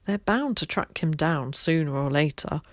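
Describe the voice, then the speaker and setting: A woman voicing a gentle, thoughtful village doctor who speaks slowly and with measured care. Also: low-pitched, animated, dry recording, clean studio sound. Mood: doubtful.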